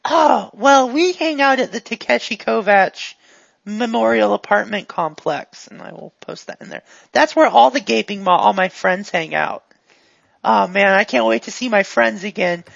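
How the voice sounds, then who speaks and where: A woman's voice: mid-range voice, normal speed, vocal fry, no echo. A woman voicing a dazed, overfriendly male gang member whose mind keeps glitching. He talks eagerly and forgets himself mid-thought. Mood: chatty. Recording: dull lo-fi recording.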